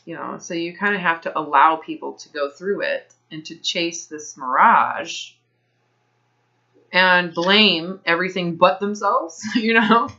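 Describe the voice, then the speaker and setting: Blunt woman coach, slightly low pitch, bright tense tone, lo-fi sound. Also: unhurried. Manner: blunt, direct advice. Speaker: health coach. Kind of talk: coaching call.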